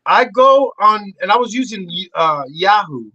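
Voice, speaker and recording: A middle-aged man, a guest on a podcast, telling a story in a loose, profane way and jumping high in pitch when he acts out what people said. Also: measured pace, hardly any pauses, no room sound, low-quality recording. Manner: animated, profane, acts out quotes with big pitch jumps. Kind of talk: casual storytelling chat.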